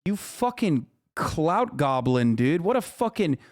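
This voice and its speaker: A man on a livestream lets loose in a heated, swearing rant, exasperated and worked up. His voice sits a little high, and the sound is dry and close with no room around it. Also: sing-song, slow, no room sound. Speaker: livestream host reacting to videos. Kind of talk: profane livestream commentary.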